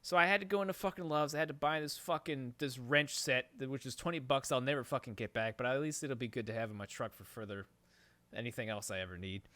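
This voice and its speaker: A man's voice: mid-range voice, fast, no room sound. Swearing young guy telling a rambling story. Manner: rambling, heavy swearing, gets worked up and loud. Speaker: podcast host. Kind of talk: casual storytelling.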